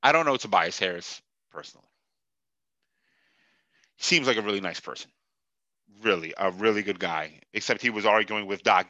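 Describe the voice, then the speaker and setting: A man's voice: lowish voice, normal speed, pauses often, bright, forceful tone, no echo, highs cut off. A man hosting a sports podcast, ranting with profanity and sarcasm and laughing at his own jokes. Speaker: podcast host. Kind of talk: heated sports podcast rant.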